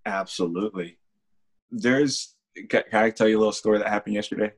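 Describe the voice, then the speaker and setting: A man's voice: fairly low pitch, brisk. A young man, a security guard and author, telling a story casually in an interview and livening up when he quotes people. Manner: relaxed, animated when quoting people.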